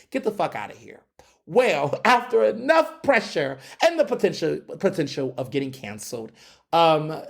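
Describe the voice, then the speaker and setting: A man's voice: a little high, vocal fry. A man hosting a podcast, giving casual, profane and emphatic commentary. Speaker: podcast host.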